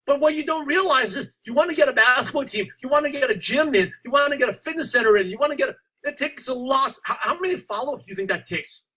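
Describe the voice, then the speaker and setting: A man giving a motivational coaching talk to a sales team, telling stories and acting out his past self with animated energy. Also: very high-pitched, quick pace, hardly any pauses, rough recording. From United States. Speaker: network marketing coach.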